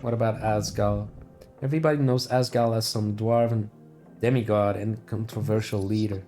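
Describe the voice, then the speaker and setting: A man's voice: fairly low pitch, fairly even intonation, moderate pace, warm tone, soft background music. A man playing through a video game, reading its text aloud with offhand asides. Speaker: let's play gamer.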